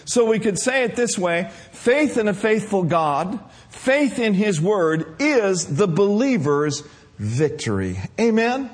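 High-voiced man preaching a sermon. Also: sing-song, slow pace. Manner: call-and-response preaching, repeats phrases.

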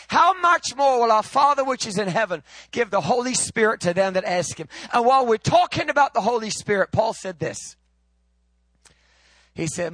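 A male preacher with a high-pitched voice delivers his sermon, rising into loud, ringing proclamations and then dropping to soft, close teaching. The sound is dry and close, with no room around it. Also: lively intonation, moderate pace, dry recording. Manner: swings from loud, high proclaiming to low, quiet, intimate teaching.

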